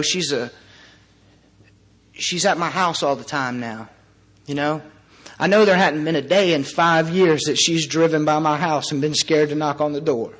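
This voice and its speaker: Before a group gathered in a meeting room, a thirtysomething man recounts his personal recovery, his somewhat bright voice pitched a little high for a man. Frequent pauses break up his sincere, hesitant delivery, and now and then he jokes wryly about himself.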